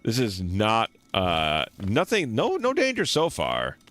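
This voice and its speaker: A man streaming a game, commenting in an excitable, joking way with swearing and laughter. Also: fairly low pitch, slow pace, soft background music. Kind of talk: let's-play commentary.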